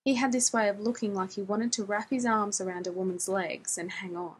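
A woman's voice: mid-range voice, steady tone, fairly quick, a little hiss or hum. A woman narrating a story in a wry, conversational way, with casual profanity. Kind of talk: audiobook narration of fiction.

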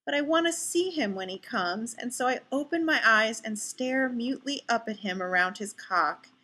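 A woman narrating a first-person story aloud, intimate and measured. Her voice is bright and a little high. She reads with steady expression. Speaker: story reader.

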